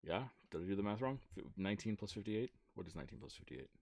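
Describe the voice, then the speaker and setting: Game master, male, very deep voice, quick with the rules, drawn-out storyteller. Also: expressive, darkish tone, no echo, studio quality. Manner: quick rules talk, slower dramatic narration. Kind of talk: running a tabletop game on a livestream.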